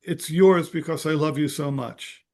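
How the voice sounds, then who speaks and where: A man's voice: a little high, unhurried, darkish tone. A man voicing God as a loving, generous creator who hands out the world. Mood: declaiming.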